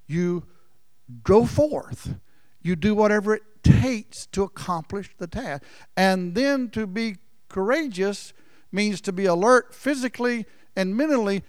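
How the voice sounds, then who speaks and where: Folksy preacher, dry sound. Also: male voice, sits high, clear, resonant tone, no echo. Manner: folksy storytelling, swings from loud emphasis to near-whispers. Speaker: pastor. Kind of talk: sermon.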